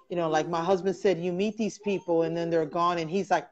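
A woman's voice: fairly low pitch, steady tone, fairly quick. A woman hosting a casual interview and reading viewer comments aloud in an affectionate, chatty way. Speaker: host. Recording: dull lo-fi live stream audio.

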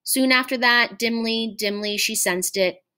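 A woman teacher reads a short story aloud at an even, measured pace. Her voice sits a little on the high side, and she is expressive without being theatrical. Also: clear, resonant tone.

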